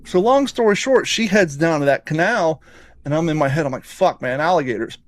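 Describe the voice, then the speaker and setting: A man with a notably high voice tells a story on a podcast, full of swearing and tangents. He sounds lively and unpolished, and the recording is dry and close with no room sound. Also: a little fast, no echo. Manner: animated, profane, rambling storytelling. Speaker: podcast host.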